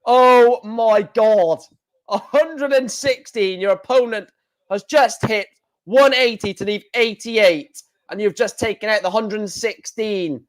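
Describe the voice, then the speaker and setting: An excitable man commentating live on a stream, shouting and repeating himself at big moments. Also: high-pitched, takes it slowly.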